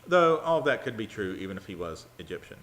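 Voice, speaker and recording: Halting, conversational male Bible teacher. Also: lowish voice, sing-song. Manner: halting, many fillers and restarts; acts out quoted lines with a raised, louder voice. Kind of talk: conversational Bible study sermon.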